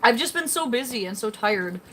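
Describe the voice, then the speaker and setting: A woman's voice: fairly high pitch, expressive, moderate pace, fairly bright tone, slight background noise. A young woman chatting casually on a live stream, rambling and reading out chat comments beside her fish tank at home. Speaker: fish-keeping livestreamer.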